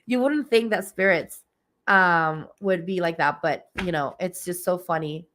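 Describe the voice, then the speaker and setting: A woman's voice: fairly low pitch, a little slow, a bit bright, a little hiss or hum. A woman hosting a spiritual livestream, chatting casually and giggling often, with lots of fillers. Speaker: livestream host and spiritual reader.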